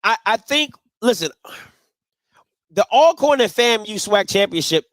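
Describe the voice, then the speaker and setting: A man's voice: high-pitched, animated, a little slow, fairly bright tone, no echo, clean studio sound. A man hosting a postgame sports talk show, emphatic and repetitive as he argues his point. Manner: emphatic, repeats himself, breaks into laughing fits.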